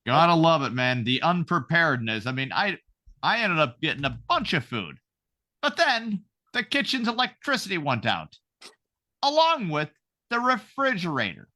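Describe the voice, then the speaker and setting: A young adult man hosting a podcast, telling profane, animated stories in casual banter. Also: on the high side, moderate pace. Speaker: podcast host.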